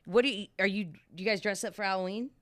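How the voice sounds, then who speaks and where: A woman hosting a casual chat, chatty and animated, often laughing as she tells stories. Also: mid-range voice, fast. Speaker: podcast host.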